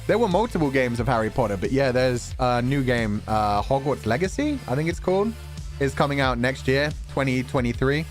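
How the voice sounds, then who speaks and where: Lively, animated male streamer. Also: mid-range voice, fairly quick, soft background music. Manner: animated, playful with words, swears casually. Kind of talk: casual chat and reading donations.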